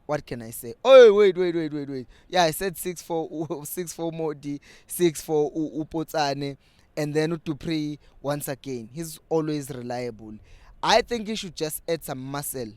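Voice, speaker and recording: A young South African man with a local accent, giving lively casual commentary as host of a football fan channel. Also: a little high, a little slow, no echo. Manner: animated, switching between English and Zulu.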